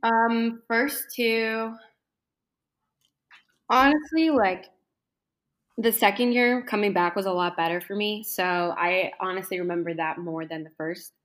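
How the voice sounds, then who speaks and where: A woman's voice: mid-range voice, steady tone, unhurried, long pauses. A young woman talking casually in an interview, chatty, with lots of fillers. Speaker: interview guest, culinary school graduate.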